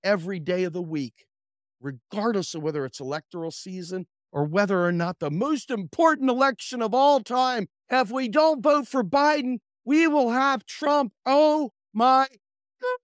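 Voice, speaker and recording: A man hosting a podcast, ranting about politics in a profane, sarcastic, impassioned way, swinging from loud outbursts to low mutters. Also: normal speed, no echo, clean studio sound. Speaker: podcast host. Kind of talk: political commentary rant.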